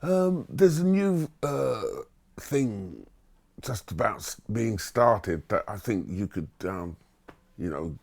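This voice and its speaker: A man voicing a hesitant school careers master who speaks softly and haltingly. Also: fairly low pitch, animated, gravelly, exaggerated voice.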